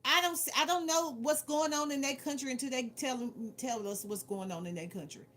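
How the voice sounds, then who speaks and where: A woman's voice: sits high, brisk, fairly bright tone. A woman tarot reader, giving a casual spiritual pep talk. She talks in a preachy way and keeps asking "right?". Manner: preachy, repeats "right?" often.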